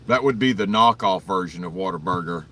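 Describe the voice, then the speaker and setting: A man's voice: low-pitched, a little fast, bright, forceful tone, distant mic, a little hiss or hum. A man casually chatting to viewers on an early-morning livestream, telling rambling, profane stories and greeting people in the chat by name. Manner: rambling, profane storytelling with frequent chuckles. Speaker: livestream host.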